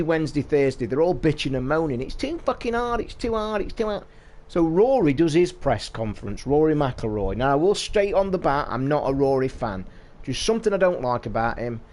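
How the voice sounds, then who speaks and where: A man's voice: medium pitch, darkish tone. Blunt, sweary British man. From United Kingdom. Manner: blunt, sweary, opinionated storytelling. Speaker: podcast host. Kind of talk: casual livestream chat. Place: home streaming setup.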